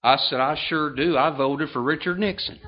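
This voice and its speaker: An older man in his sixties preaching a sermon, telling a folksy story with drawn-out phrases and many fillers. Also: on the high side, highs cut off. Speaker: pastor.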